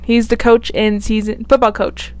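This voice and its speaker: A woman's voice: a little high, flat delivery, moderate pace, darkish tone. A young woman chatting casually and gushing about TV characters, filling her talk with "like". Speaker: YouTuber. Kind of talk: casual chat ranking TV characters.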